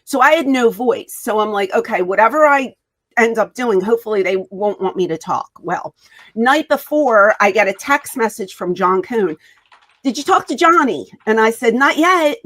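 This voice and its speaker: Animated woman telling a story. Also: on the high side, moderate pace. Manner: animated, acts out quoted dialogue. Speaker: wrestling guest. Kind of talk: casual interview storytelling.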